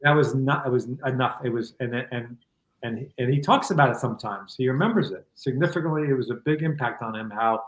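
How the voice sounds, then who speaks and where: A middle-aged man telling a personal story as a guest, in a calm, reflective and candid way over a video call. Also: medium pitch, brisk, reverberant, rough recording. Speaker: guest author. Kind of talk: conversational storytelling.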